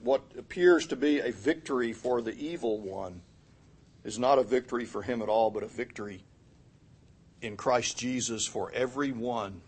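A middle-aged male pastor preaching a sermon, swinging from loud, emphatic lines to quiet asides and acting out quotes. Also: fairly low pitch, slightly rough.

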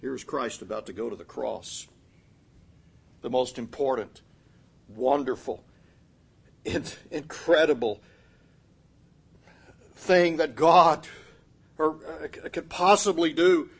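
A middle-aged male pastor preaching a sermon, swinging from loud, emphatic lines to quiet asides and acting out quotes. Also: a little high, slow pace, vocal fry, long pauses, husky.

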